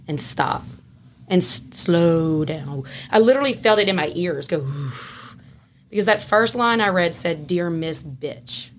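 Animated Southern woman telling a story. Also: fairly low pitch, slight background noise. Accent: Louisiana Southern US. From Southern United States. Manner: animated, laughing, swings between loud and hushed. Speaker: podcast guest, former prison classification officer. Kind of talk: casual storytelling.

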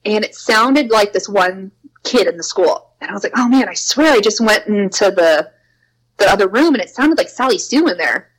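A young woman casually telling spooky stories from her preschool job. She fills her talk with "like" and acts out quotes in a higher voice. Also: animated, moderate pace, poor audio. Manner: chatty, lots of "like", acts out quotes with a raised voice. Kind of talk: casual storytelling.

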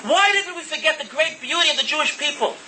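Casting: male preacher, very high and piercingly bright voice, earnest and impassioned sermon delivery. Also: expressive, quick pace, a little hiss or hum, poor audio. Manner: earnest, impassioned, mixes Hebrew terms into English. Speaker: religious speaker.

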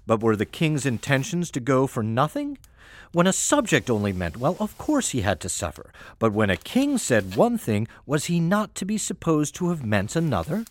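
A man's voice: mid-range voice, huge pitch swings, normal speed. A man narrating a fairy tale in a wry, playful storytelling manner over faint music.

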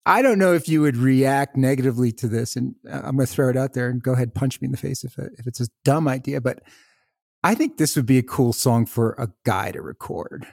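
A man's voice: medium pitch, fairly quick, gravelly, darkish tone, dry recording, clean studio sound. Eager, chatty male podcast host. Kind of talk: casual interview chat.

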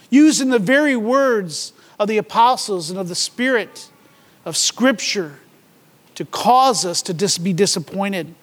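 Male pastor, very high voice, dramatic sermon delivery, echoing church hall. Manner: dramatic scripture reading with mocking voices.

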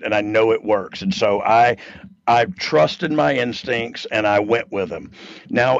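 Man, podcast co-host, gravelly, self-assured, slightly dull recording. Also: medium pitch, no room sound. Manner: confident, rambling, laughs often. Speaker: podcast co-host, former wrestler and writer. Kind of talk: casual podcast chat.

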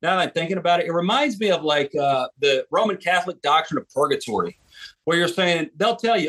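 An American author and street preacher speaks earnestly and emphatically in a podcast interview, often restarting his sentences. His voice is a little high, fairly quick, and a bit bright.

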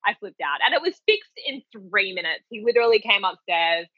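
Animated woman coach telling stories. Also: medium pitch, brisk, husky, no echo, narrow, tinny audio. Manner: animated storyteller who acts out quotes and laughs often. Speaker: life coach and podcast host. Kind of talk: casual chat.

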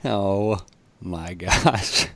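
Laughing, rambling man host, deep voice. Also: drawn-out words, fairly bright tone, dry recording. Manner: rambling, laughs often, many fillers. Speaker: podcast host. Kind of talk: casual chat. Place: at home.

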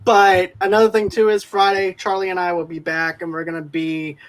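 A man's voice: sits high, little pitch movement, a little fast. A man hosting a casual podcast, rambling and repeating filler phrases. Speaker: podcast host.

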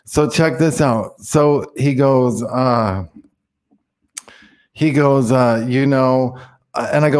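A man's voice: medium pitch, takes it slowly, a little mellow. A man, a guest, rambling through a casual story and acting out the quoted dialogue. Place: in Mexico.

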